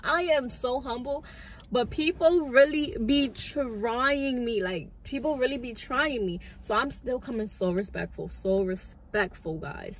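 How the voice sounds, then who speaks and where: Calm young woman telling a story. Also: a little high, a little hiss or hum. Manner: calm, chatty, frequent "like". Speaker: lash artist and vlogger. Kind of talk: casual storytime.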